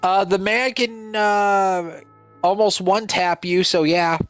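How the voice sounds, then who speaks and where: A man chatting along with a friend's game stream, reacting quickly and groaning at the jokes. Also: high voice, fairly even intonation, a bit bright. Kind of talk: casual gameplay chat. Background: faint game music.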